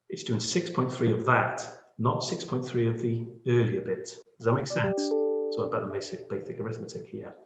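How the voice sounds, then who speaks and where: A man, teaching audio editing in a chatty, self-deprecating way and often checking in with the listener. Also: lowish voice. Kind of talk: screen-share editing tutorial. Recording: echoey room.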